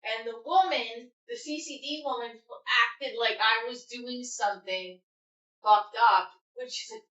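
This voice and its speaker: Woman host, bright voice, candid, swears a lot, echoey slightly dull room sound. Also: a little high, animated, moderate pace. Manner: candid and rambling, swears freely. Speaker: livestream host. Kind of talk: casual chat with live viewers.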